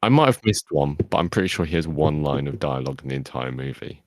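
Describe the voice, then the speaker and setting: Young man, podcast co-host, extremely deep voice, dry close recording, wry casual chat. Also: animated, fast talker, no room sound.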